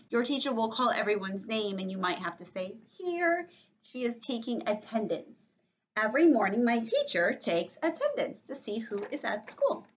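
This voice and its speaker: A woman teacher leading an online lesson for young children, explaining words slowly and clearly. Her voice is a little high and very lively in pitch, and the computer-mic recording sounds dull and lo-fi. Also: a little hiss or hum. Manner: clear, slow, sing-song explaining to kids.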